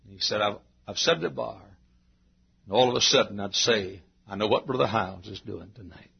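A man preaching a sermon to his church, repeating phrases and rising into shouted climaxes. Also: on the low side, a little fast, gravelly, breathy edge. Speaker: pastor. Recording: dull lo-fi sermon recording.

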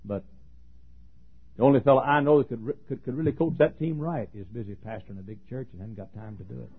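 Husky folksy preacher man, tinny recording. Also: medium pitch, fast talker. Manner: folksy and joking, swings from hushed talk to shouting. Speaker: pastor. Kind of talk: sermon.

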